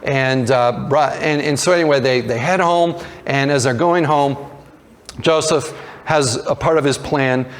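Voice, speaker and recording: A man preaching a sermon, retelling a story in a conversational way and slipping into lively voices for the characters. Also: medium pitch. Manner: conversational with frequent restarts and fillers. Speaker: pastor.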